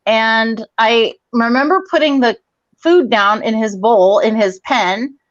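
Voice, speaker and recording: A woman in her forties on a video call, telling a rambling, profane story in a casual, animated way. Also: on the high side, slow, no room sound, muffled recording. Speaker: guest comedian.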